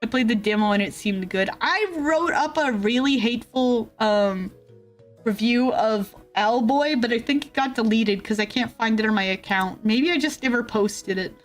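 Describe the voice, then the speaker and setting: A woman's voice: a little high, moderate pace, soft background music. A young woman streamer chatting casually with her viewers, giggling often and answering chat messages. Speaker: VTuber streamer.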